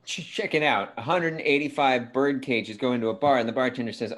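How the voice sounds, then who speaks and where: A man's voice: medium pitch, fast, hardly any pauses. A man performing improvised jokes over a video call, with rambling setups full of fillers and restarts.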